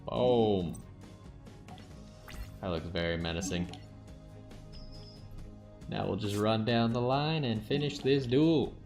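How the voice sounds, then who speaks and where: A man with a fairly low voice gives relaxed commentary, talking through his card game plays as he thinks them out. Faint game music plays under his voice. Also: slow pace, long pauses. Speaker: gaming channel host.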